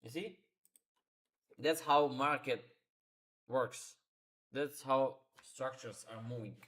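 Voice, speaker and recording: A man's voice: mid-range voice, takes it slowly, a bit bright. Man talking through charts live. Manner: instructive, repeats phrases, non-native grammar. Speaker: trading streamer. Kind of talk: live market commentary.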